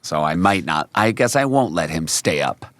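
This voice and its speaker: A man in his thirties, co-hosting a podcast in casual chat and telling lively stories about his kids. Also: low voice, normal speed, dry recording, studio quality. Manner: animated storyteller, mimics his kids. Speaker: podcast co-host.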